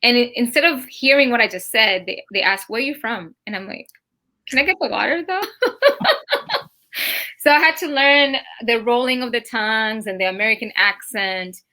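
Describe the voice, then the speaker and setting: A woman's voice: a little high, very animated, normal speed, sharp tone. A young woman from Kenya with a Kenyan accent touched by British and American ones, talking casually in an interview and laughing often. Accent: Kenyan with British, Southern US and Seattle traces. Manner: chatty, laughs often, acts out quoted voices. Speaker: guest.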